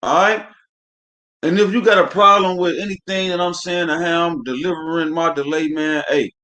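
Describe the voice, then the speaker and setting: A man's voice: fairly high pitch, a bit bright. Guy preaching scripture on a live stream, heated and cussing, keeps saying man. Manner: heated, profane, preachy, leans on "man" at phrase ends. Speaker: religious teacher.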